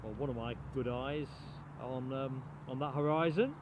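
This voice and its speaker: This livestream host has a medium-pitched voice at a normal pace, captured in narrow, tinny audio with background noise. Outdoors on a grassy mound next to an airport runway, he runs a casual plane spotting stream, reading out viewer comments and thanking people by name.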